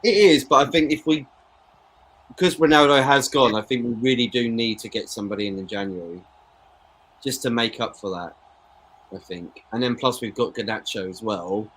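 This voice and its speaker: A man's voice: mid-range voice, normal speed, a bit bright, husky. A man co-hosting a football watchalong, chatting casually and opinionated, calling his co-host "mate". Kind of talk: casual live match chat.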